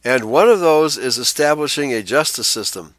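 Male pastor, mid-pitched, dry close sound, reads a text aloud and interjects flat comments. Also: moderate pace, no room sound. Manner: reads out text, then breaks in with blunt asides. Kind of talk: reading an article aloud with commentary.

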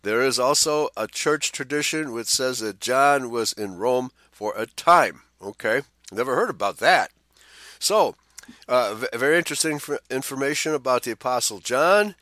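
A man with a bright, clear-toned voice reads a church-history passage aloud and keeps breaking off for quick asides of his own. He is recorded dry and close, with no room sound. The pitch sits in a middle range. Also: expressive, no echo. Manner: reads passages with side remarks and frequent "uh" fillers. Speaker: co-host of a Bible study show. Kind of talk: reading a text aloud with commentary.

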